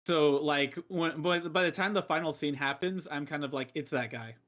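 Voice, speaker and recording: A man's voice: a little high, steady tone, moderate pace, fairly bright tone. A man co-hosting a podcast in casual chat, hesitant and full of fillers like "like" and "um". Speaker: podcast co-host.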